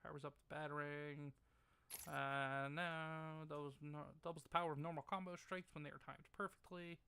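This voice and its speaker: Bright, crisp-voiced man streaming from home. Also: fairly high pitch, level tone, normal speed. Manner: teasing, bantering with his wife between chat messages. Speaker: streamer reading live chat. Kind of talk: casual live-stream chat. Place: home, at the gaming setup. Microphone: desk mic left live.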